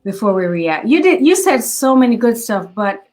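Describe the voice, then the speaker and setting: A woman's voice: on the high side, big pitch swings, moderate pace, darkish tone. A woman hosting a podcast, responding with frequent affirmations and reflecting on what she heard. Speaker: podcast host. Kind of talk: podcast conversation.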